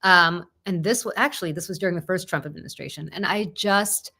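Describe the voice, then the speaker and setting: Woman co-host, low voice with a bright, forceful edge, chatty storyteller. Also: a little fast. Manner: chatty, lots of "like". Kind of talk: casual storytelling chat.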